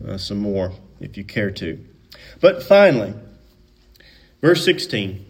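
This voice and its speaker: A male pastor delivering a sermon in a voice of ordinary pitch for a man. He moves between rising, emphatic peaks and hushed, quieter asides. His tone stays folksy and conversational throughout. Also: slight background noise.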